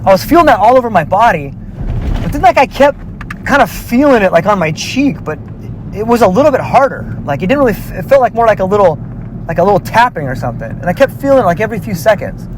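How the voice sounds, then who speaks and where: A man's voice: sits high, big pitch swings, quick pace, background noise. A man casually telling a personal story, rambling with lots of filler words and restarts.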